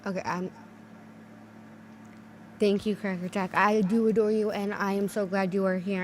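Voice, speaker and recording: Grateful halting woman streamer. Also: mid-range voice, a little hiss or hum. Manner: warm, grateful, halting with fillers. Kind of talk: casual chat.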